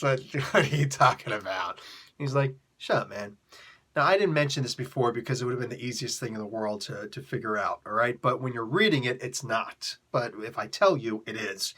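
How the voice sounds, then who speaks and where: A man casually retelling a comic book story, acting out the characters' lines, coughing and losing his voice. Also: mid-range voice. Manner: animated, acts out characters' lines with laughs.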